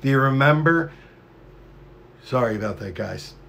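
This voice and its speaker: A man's voice: mid-range voice, lively intonation, measured pace, gravelly, fairly bright tone, slight background noise. A man hosting a live stream, rambling in a profane, conspiratorial monologue to his chat.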